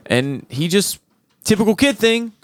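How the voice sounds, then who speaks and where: A man's voice: high voice, a little slow, no room sound. A man on a casual podcast, tipsy from beer, animatedly retelling a horror film's ending and acting out the characters' lines. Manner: animated storytelling, acting out quotes. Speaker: podcast co-host. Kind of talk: casual movie recap chat.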